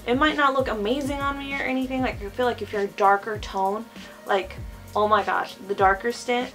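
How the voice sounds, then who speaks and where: A woman's voice: mid-range voice, fairly bright tone. A woman with a lisp giving a chatty, gushing makeup review as a vlogger, talking casually with lots of fillers. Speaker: beauty vlogger.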